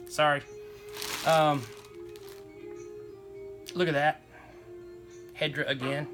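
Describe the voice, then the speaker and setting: A man's voice: a little high, moderate pace, pauses often, music in the background. A middle-aged man, rambling enthusiastically as he shows off his toy collection. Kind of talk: casual show-and-tell chat.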